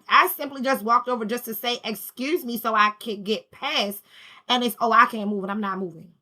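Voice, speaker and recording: Middle-aged lady ranting through a story, acts out everybody, bright and a bit high. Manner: animated, acts out quoted people, laughs while telling. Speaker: spiritual vlogger. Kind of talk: casual storytelling rant.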